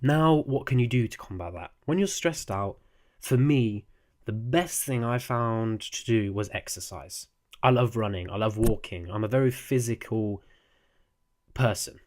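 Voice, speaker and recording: A man's voice: lowish voice, unhurried, a little mellow. A young man, a university student, giving casual spoken advice into a desk microphone, earnest, restarting his sentences and checking in with "okay?". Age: young adult. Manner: earnest, repeats "okay?" often, frequent restarts.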